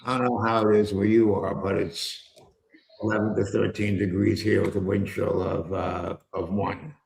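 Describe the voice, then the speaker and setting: A trading show host runs a live stream, offering casual market commentary in a wry, rambling way with loose asides and mild cursing. His voice is fairly low, creaky and darkish, delivered flatly at normal speed. He talks into an earpiece microphone, and the sound is roomy with slight background noise.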